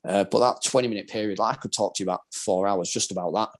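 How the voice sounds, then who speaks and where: A man's voice: lowish voice, rapid-fire. A man from Britain, a former soldier, telling his story as a podcast guest in a candid, rambling, casual way, full of filler words. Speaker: guest, former soldier and wheelchair rugby player.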